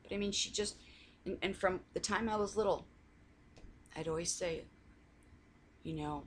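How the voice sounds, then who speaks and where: A woman's voice: lowish voice, moderate pace, long pauses, slight background noise. A woman talking in a casual coffee chat, rambling through family stories with many restarts and laughing now and then. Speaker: faith vlogger.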